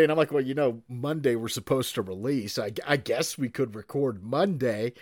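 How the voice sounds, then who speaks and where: A man's voice: medium pitch, a little fast, hardly any pauses, no echo, studio quality. A man hosting a casual podcast from his kitchen. He laughs often, swears casually and stumbles over repeated words. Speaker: podcast host. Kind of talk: casual chat. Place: home kitchen.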